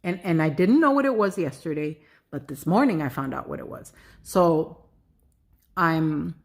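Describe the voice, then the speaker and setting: A middle-aged woman telling a personal spiritual story in a casual, animated way, swearing freely and using lots of fillers. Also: low-pitched, normal speed. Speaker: spiritual vlogger.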